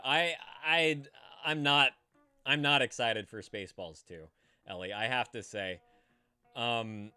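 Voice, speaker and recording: Hosting a casual live-stream call-in show, a man rambles and swears, stammering and restarting as he chats with viewers. His voice is mid-range with a sharp edge, and the sound is smooth with no echo.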